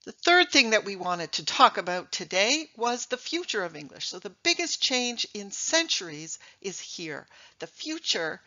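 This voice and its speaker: Bright-voiced woman giving a lively talk. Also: medium pitch, moderate pace, lo-fi sound. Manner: lively, emphatic, rhetorical questions. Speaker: speaker giving a talk on English. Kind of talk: presentation to a live audience.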